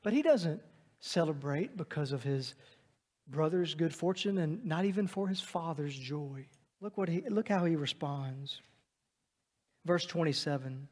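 High-voiced preacher man in a reverberant hall. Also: lively intonation, a little slow. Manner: dynamic, swings from loud emphatic to hushed. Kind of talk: sermon. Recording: long reverb of a large hall.

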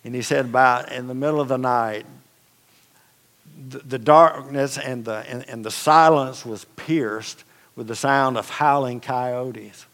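A man's voice: mid-range voice, fairly even intonation, measured pace, fairly bright tone. A man preaching a sermon as pastor, telling stories in a conversational, folksy way with casual asides. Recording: long reverb of a large hall.

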